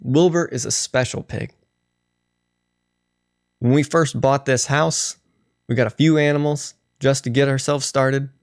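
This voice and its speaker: Casting: man playing a folksy old farmer, slow earnest telling, dry close sound. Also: mid-range voice, fairly even intonation, clean tone, no room sound, natural voice.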